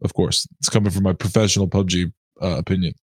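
A man co-hosting a casual podcast, making deadpan joke asides and losing his train of thought. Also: low-pitched, quick pace, slightly rough, no echo. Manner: joking, deadpan asides, loses his thread. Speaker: podcast co-host.

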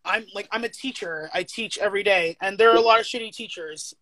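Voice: medium pitch, fairly quick, fairly bright tone, no room sound. A teacher as a guest in a casual chat, talking candidly with frequent swearing and filler words. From United States.

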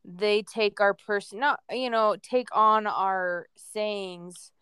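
A woman's voice: mid-range voice, clear, resonant tone, no echo, studio quality. A woman co-hosting a parenting podcast, chatting casually about her kids and laughing easily. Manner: slow, relaxed, laughs easily. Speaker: podcast co-host, mother. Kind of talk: casual chat.

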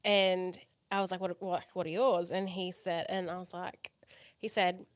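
A woman's voice: fairly low pitch, level tone, moderate pace, no echo. A woman co-hosting a casual podcast, rambling through a story with lots of fillers and swearing. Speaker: podcast co-host.

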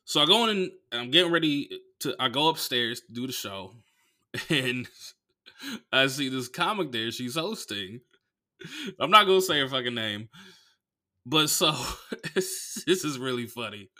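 A man from the Bay Area, a comedian and podcast host, telling stories in an animated, profane way with lots of "like". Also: mid-range voice, measured pace, pauses often. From San Francisco Bay Area. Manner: animated, profane, heavy use of "like". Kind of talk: casual comedic storytelling.

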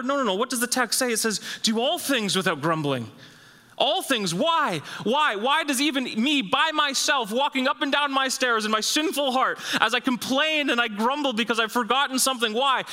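A man preaching a sermon as pastor, emphatic and repetitive, his voice rising high when he stresses a point. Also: sharp tone, in a large hall. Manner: emphatic, repeats phrases, rises in pitch when stressing a point.

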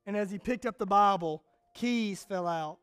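High-voiced male preacher telling a story. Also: normal speed, fairly bright tone, clear, resonant tone, faint music behind. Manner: earnest storytelling preacher, repeats words. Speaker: pastor. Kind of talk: sermon.

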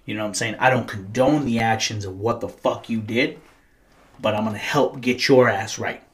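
A man's voice: on the low side, normal speed, fairly bright tone. A man in his thirties, a podcast host, telling stories in casual, profane, slangy chat. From United States.

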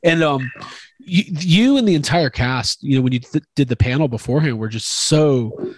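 A man's voice: mid-range voice, expressive, moderate pace, slight background noise. A young man hosting a podcast interview, asking enthusiastic, rambling questions with lots of restarts. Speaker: podcast host interviewing an actor. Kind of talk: casual interview chat.

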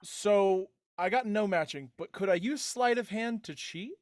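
A man playing in a tabletop game, animated and quick to laugh. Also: sits high, dry recording, studio quality. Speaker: player. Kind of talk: casual tabletop play.

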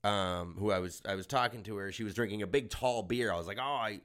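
A man's voice: on the low side, fast talker, fairly bright tone. A young adult man from Germany hosting a comedy podcast, riffing crudely and sarcastically. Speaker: podcast host.

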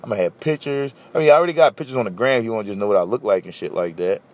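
This young Philadelphia podcast host, Philly accent and all, tells stories on his casual solo show in a blunt, profane and animated way. His voice sits lowish and comes out rapid-fire.

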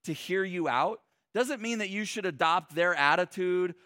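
Guy preaching real casual, lots of "like", kinda high voice, dead dry sound. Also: normal speed, sharp tone, no echo. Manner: conversational and humorous, many restarts and "like". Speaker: pastor. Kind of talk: sermon.

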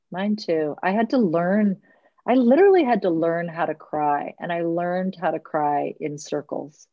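A woman's voice: low-pitched, vocal fry, dark tone, dry recording, lo-fi sound. A woman who leads women's circles, speaking earnestly and unhurriedly in a reflective podcast conversation, drawing out her key words.

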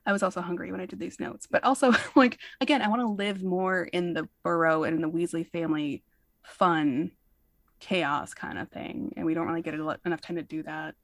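A woman co-hosting a podcast in casual chat, animated and swearing, often acting out lines in quotes. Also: fairly low pitch, a little fast, no room sound. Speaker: podcast co-host.

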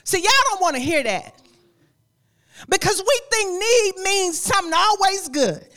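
A woman preacher with a very high voice delivers a sermon a little slowly, in a conversational style. She's lively, repeats phrases, laughs often, and speaks straight to the congregation.

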